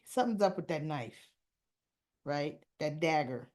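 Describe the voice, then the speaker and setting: A woman's voice: low voice, slow pace, a little mellow. A woman hosting a soap opera recap, chatting casually and acting out bits of dialogue as she retells the episode. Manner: chatty, acts out lines of dialogue.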